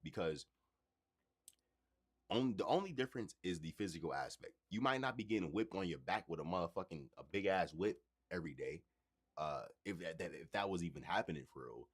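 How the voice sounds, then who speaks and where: A man's voice: sits low, animated, brisk, breathy edge. A man hosting a casual livestream, talking loosely and with profanity straight to his chat. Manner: loose, profane, conversational, addresses chat directly. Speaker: livestream host.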